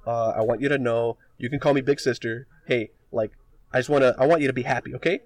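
A man's voice: medium pitch, fairly even intonation, fast, darkish tone, natural voice. A man voicing a cheerful, pushy young noblewoman in a retold story, coaxing and eager.

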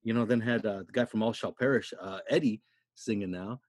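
A man's voice: lowish voice, brisk, dry recording, studio quality. A man in his thirties hosting a podcast, telling casual stories in a laid-back way, full of swearing and "dude". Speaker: podcast host. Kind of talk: casual chat.

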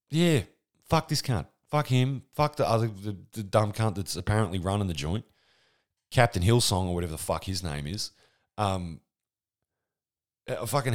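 A man with an Australian accent ranting alone into a podcast microphone, profane and sardonic, rambling with frequent restarts. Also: mid-range voice. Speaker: podcast host. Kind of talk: solo ranting monologue. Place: room at home with white wall.

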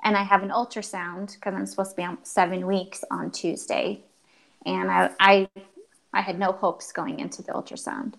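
A woman's voice: mid-range voice, little pitch movement, normal speed, gravelly, fairly bright tone, low-quality recording. Earnest woman telling a personal story. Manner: earnest, acts out quoted dialogue, frequent restarts. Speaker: guest telling her story.

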